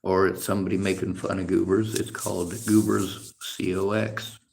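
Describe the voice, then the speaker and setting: Male livestreamer, gravelly and low, lecturing his chat in a profane, bitter rant. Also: little pitch movement, moderate pace, a little mellow, slight background noise. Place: library.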